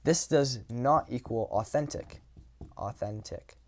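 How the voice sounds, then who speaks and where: A man's voice: mid-range voice, unhurried, a little hiss or hum. Casual young man giving blunt advice. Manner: blunt, swears casually, acts out examples. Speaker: dating coach. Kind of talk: casual talking-head advice.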